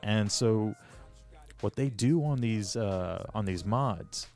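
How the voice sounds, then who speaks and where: A man's voice: fairly low pitch, slow, darkish tone, soft background music. A man chatting casually on a live stream, rambling and self-deprecating with lots of fillers, greeting viewers as he goes. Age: adult. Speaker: streamer and hobby modder.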